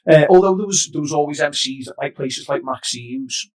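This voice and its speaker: Male DJ guest, rambling and sweary, slightly high voice, recorded far from the mic with a doubled sound. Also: a little fast. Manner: sweary, rambling storyteller with restarts. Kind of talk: casual podcast chat.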